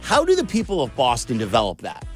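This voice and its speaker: A man's voice: mid-range voice, huge pitch swings, fast talker, soft background music. A man co-hosting a casual sports radio talk show, who stumbles and restarts a lot while asking curious questions. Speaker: radio co-host.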